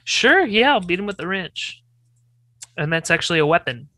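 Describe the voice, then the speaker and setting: A woman's voice: fairly low pitch, big pitch swings, moderate pace, sharp tone. A woman playing a tabletop game, giggly and carefree. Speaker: player. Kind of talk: casual tabletop play.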